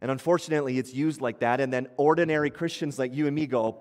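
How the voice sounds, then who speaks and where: Man in his thirties, pastor, conversational sermon, fairly high voice, long hall reverb. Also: expressive, quick pace, hardly any pauses, a little mellow. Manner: conversational preaching with acted-out quotes. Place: church hall.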